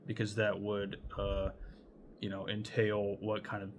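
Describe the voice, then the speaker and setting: A young man rambles loosely through a chaotic personal story in a casual storytime, swearing often and laughing between thoughts. His fairly low voice is completely flat and unhurried, with a little hiss or hum in the background.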